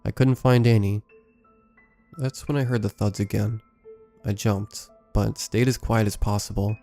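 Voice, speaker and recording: A man reading a first-person scary story aloud in a measured, scripted storytelling delivery. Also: lowish voice, fairly even intonation, gravelly, warm tone, faint music behind. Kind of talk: scripted horror story narration.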